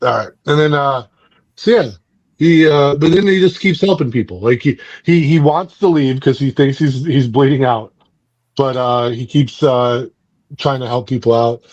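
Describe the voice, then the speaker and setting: A man's voice: mid-range voice, normal speed, a little mellow, no room sound, dull audio. A man hosting a book club podcast, casually recapping and reviewing a comic in a rambling way, with many fillers and restarts.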